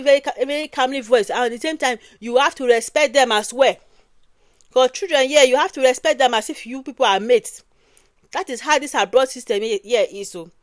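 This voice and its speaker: Speaking with a Nigerian accent, this woman from Nigeria ends her lines with "oh" and repeats phrases in emphatic, casual commentary. Her high-pitched voice is recorded without echo.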